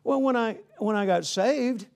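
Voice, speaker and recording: A man's voice: very high voice, unhurried, creaky, a little mellow. A man preaching a sermon in a folksy, conversational way, often saying "you know" and calling out "Amen?" to the congregation.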